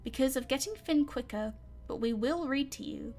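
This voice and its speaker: A woman's voice: high-pitched, moderate pace, soft background music, natural voice. A woman doing a kind, reassuring young boy. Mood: fond. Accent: British. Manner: gentle, reassuring.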